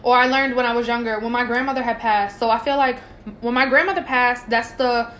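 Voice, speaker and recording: A woman's voice: fairly high pitch, a little fast. A young woman co-hosting a casual podcast chat, talking candidly with lots of "like" fillers. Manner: candid, many "like" fillers, animated retellings. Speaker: podcast co-host. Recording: echoey room, faint ambient noise.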